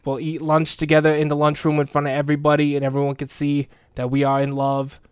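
A man's voice: on the high side, completely flat delivery, fast, smooth, dry recording, natural voice. A man playing a profane lovesick old janitor. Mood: lovesick rambling. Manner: rambling, profane, earnest. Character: crude lovesick older male school janitor. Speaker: comedic character monologue. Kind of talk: comic in-character monologue.

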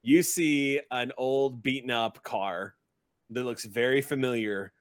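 A man as game master, narrating scenes vividly in a relaxed way with crude humor. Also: medium pitch, takes it slowly.

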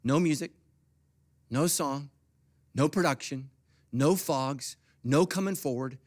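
A middle-aged man preaching a sermon as pastor, swinging from quiet, confiding asides to loud, high-pitched bursts. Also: takes it slowly, no room sound, studio quality.

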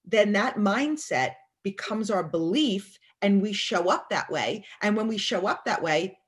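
A woman's voice: medium pitch, animated, measured pace. Emphatic woman giving motivational talk. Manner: emphatic, acts out quoted thoughts. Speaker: guest speaker.

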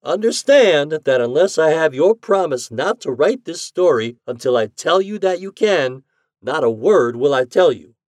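A man reading an audiobook voices a cheerful, eccentric scientist who lectures with drawn-out emphatic stresses. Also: on the high side, animated, a little mellow, no room sound, clean studio sound, voice pushed up, lightly acted. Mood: earnest. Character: eccentric male scientist, cheerful self-declared mad genius.

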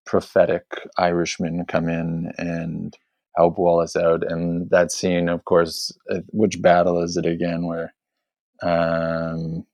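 A man's voice: low voice, monotone, slow, vocal fry, darkish tone, dry recording. A man hosting a podcast, chatting casually and a bit ramblingly about a film, with many fillers. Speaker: podcast host.

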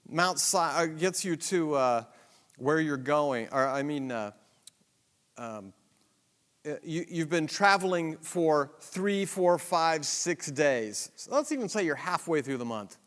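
A man's voice: fairly high pitch, expressive, slow, fairly bright tone, big-room sound. A man teaching a Bible survey lesson in a conversational, emphatic way, with rhetorical questions and asides.

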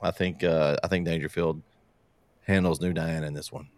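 Man, very low voice, dry close sound, laid-back football picks. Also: moderate pace, no room sound. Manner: relaxed, hesitant with fillers. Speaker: podcast co-host. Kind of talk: casual sports chat.

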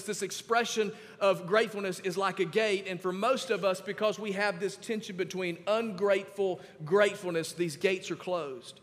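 High-voiced pastor preaching. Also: male voice, fairly bright tone, long reverb tail. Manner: emphatic, instructing the congregation to underline verses. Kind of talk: sermon.

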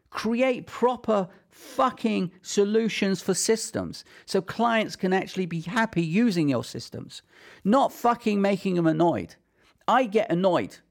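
A man vents in a furious, swear-heavy vlog rant about his trade. His voice sits a little high and carries a gravelly, creaky edge. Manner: furious, heavily profane ranting. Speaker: tech support business owner. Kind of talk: angry ranting vlog.

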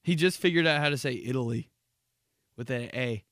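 A man rambles through a casual comic monologue, crude and jokey. His voice is bright and forward, and the recording is close and dry. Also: mid-range voice, brisk, no room sound. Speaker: podcast host.

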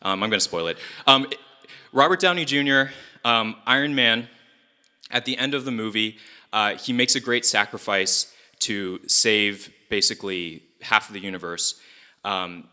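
Guy preaching to a youth group, chatty and animated, kinda low but bright voice. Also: normal speed, smooth. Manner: casual and animated, frequent fillers and questions to the audience.

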